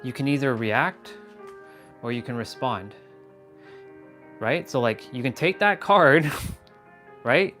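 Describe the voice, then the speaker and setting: A man's voice: medium pitch, slow pace, long pauses, a bit bright, faint music behind. A man hosting a casual motivational live stream while walking, blunt and emphatic, swearing freely. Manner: talks while walking on a step count.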